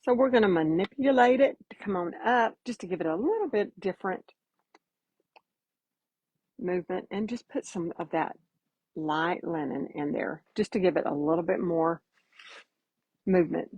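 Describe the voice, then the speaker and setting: A woman's voice: on the low side, normal speed, long pauses, a little mellow, breathy edge, dry recording, low-quality recording. A woman giving a casual live painting demo, chatty and folksy, greeting viewers by name as she works. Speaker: painting instructor.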